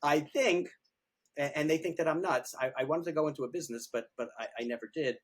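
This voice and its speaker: A man's voice: on the high side, quick pace. An older man's slightly raised voice. He chats casually as a podcast guest and keeps tumbling through repeated words and restarts as he goes. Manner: rambling and animated, with frequent repeated words and restarts. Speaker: retired pediatric dentist, podcast guest. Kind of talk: casual interview chat.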